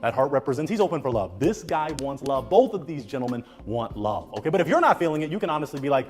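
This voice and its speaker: A man's voice: medium pitch, sing-song, fast, hardly any pauses, faint music behind. A man hosting a dating game show, hyping it up with sing-song patter and playful asides. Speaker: host.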